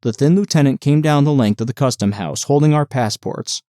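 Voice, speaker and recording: A man narrating an audiobook in an expressive reading style. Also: medium pitch, brisk, no echo, studio quality. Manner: expressive, dialogue-driven reading.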